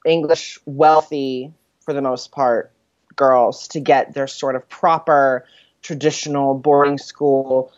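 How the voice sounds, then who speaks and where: A woman's voice: a bass voice, fairly even intonation, slow pace, darkish tone, no echo. A woman co-hosting a podcast in casual chat, summarizing a story in a rambling way with fillers and laughs. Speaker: podcast co-host. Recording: dull, lo-fi dry recording.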